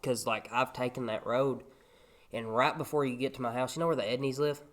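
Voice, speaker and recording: A young man talks in an easygoing, matter-of-fact way. His voice sits in a middle pitch, and the chat is loose and casual. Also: steady tone, a little fast, a bit bright.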